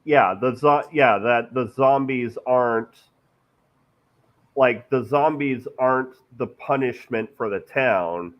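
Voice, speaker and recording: A man co-hosting a podcast, talking haltingly about films and repeating words as he gathers his thoughts. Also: mid-range voice. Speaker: podcast co-host. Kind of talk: casual film discussion. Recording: dull lo-fi mic.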